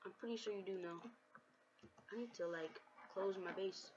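A woman commentating her video game play with her child, taunting and excitable, slipping into sing-song trash talk. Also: mid-range voice, normal speed, slight background noise. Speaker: gameplay commentator. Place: home. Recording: dull lo-fi home recording.

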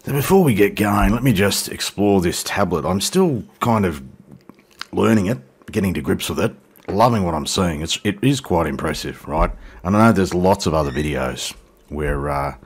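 Low-voiced joking man. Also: expressive, moderate pace, husky. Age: middle-aged. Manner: rambling, jokey and irreverent, talks to passengers and viewers. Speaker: flight sim video host. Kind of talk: casual commentary while playing a flight simulator.

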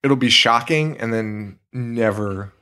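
A man's voice: medium pitch, takes it slowly, bright, forceful tone. A man co-hosting a horror movie podcast, retelling scenes in casual chat and popping into quoted voices. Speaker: podcast co-host.

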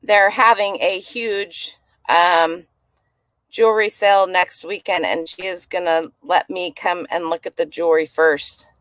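A woman's voice: fairly low pitch, steady tone, a little slow, fairly bright tone, dry recording. A woman vlogging casually as a reseller, chatty and rambling as she shows her finds. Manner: chatty, rambling, talks to people and dog nearby. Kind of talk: casual chat.

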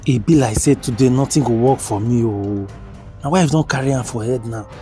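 A Nigerian man performing a comedy skit, his voice sitting at an ordinary middle pitch. He coaxes and pleads, slipping asides to the audience. Light music plays faintly behind him. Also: a little fast, mellow. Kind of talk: comic skit narration and dialogue in Pidgin.

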